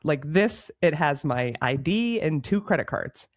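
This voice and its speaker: A woman co-hosting a podcast, telling a story in a casual, animated and self-mocking way, laughing mid-sentence. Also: low-pitched, unhurried, dry recording, studio quality. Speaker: podcast co-host.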